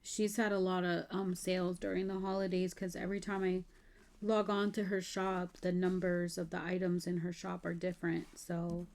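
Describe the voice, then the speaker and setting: A woman vlogging about a textile haul, gushing and admiring as she shows each piece in a relaxed, drawn-out way. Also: on the low side. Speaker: crafting vlogger. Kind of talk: casual show-and-tell haul.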